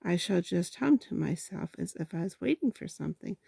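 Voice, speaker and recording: A woman voicing a gentle, simple-minded bear in a storybook reading, slow and earnest as he thinks things out. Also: on the low side, animated, gravelly, breathy edge, no room sound, exaggerated voice. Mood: thoughtful. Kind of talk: storybook read-aloud.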